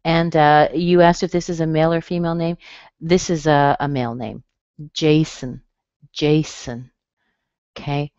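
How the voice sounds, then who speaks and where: A low-pitched woman who talks slowly as she teaches pronunciation online. She says each word again and again in a patient way. The webinar audio is dull and muffled, with a dry, close sound. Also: fairly even intonation, a little mellow, smooth, dry recording. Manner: slow, patient, repeats words for drill. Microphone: computer mic.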